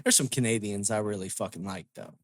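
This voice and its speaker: A man's voice: lowish voice, fast talker, no room sound, studio quality. A man co-hosting a podcast in casual crude banter, swearing freely, laughing a lot and restarting his sentences. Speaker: podcast co-host.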